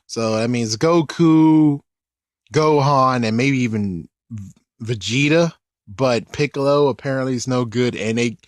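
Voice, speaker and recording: In clean studio audio with no echo, a medium-pitched man comments on an anime episode at a measured pace. His remarks are casual and animated, and he rambles and frequently corrects himself mid-sentence.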